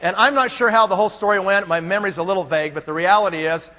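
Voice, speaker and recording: A man on stage at a business conference tells a story to the audience, acting out both sides of his phone calls. His voice sits high for a man. The sound rings with the long reverb of a large hall. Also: racing, pushed and bright. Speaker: conference speaker. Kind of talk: motivational conference talk.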